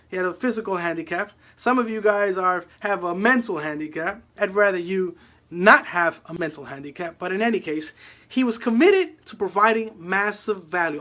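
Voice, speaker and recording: A man's voice: high-pitched, fairly bright tone. A man telling a motivational story to an audience, emphatic and fond of repeating his key phrases. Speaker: motivational speaker.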